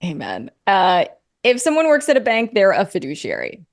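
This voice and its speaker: A woman's voice: mid-range voice, wildly swooping pitch, moderate pace. A woman hosting a money podcast, upbeat and playful as she reads tips and wraps up the show. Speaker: podcast host. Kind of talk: interview hosting and outro.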